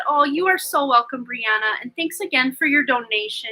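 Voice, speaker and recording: A woman with a high, bright voice gives a live-streamed tarot reading. She talks effusively and chattily, full of "like" and "um" fillers. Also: expressive, normal speed, soft background music, rough recording. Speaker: tarot reader and livestream host.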